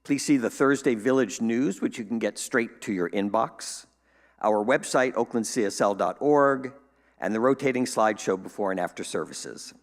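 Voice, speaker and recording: This cheerful man hosts a church service, handling the welcome and announcements with playful joking asides. He has a medium-pitched voice and speaks at a normal speed, and the sanctuary around him is reverberant.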